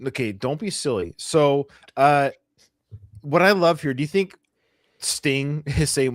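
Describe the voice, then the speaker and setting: Sarcastic podcast host, dry close sound. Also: male voice, a little high, measured pace, dry recording. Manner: sarcastic, mocking, laughs often. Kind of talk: casual commentary chat.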